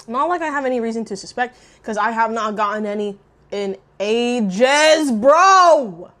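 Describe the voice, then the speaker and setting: A young woman chatting casually while eating on camera, loud and profane, jumping between shrieks and low mutters. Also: fast talker. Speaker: mukbang vlogger. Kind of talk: casual eating vlog chat.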